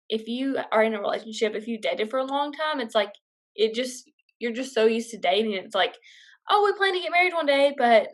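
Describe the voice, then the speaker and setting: A woman's voice: fairly high pitch, a bit bright. A young woman vlogger casually telling a personal story, chatty and full of fillers. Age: young adult.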